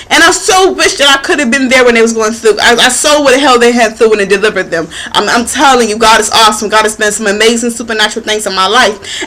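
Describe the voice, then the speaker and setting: A woman life coach giving a passionate motivational talk, excitable and laughing as she speaks. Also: sits high, rough recording. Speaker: spiritual life coach and marketing mentor.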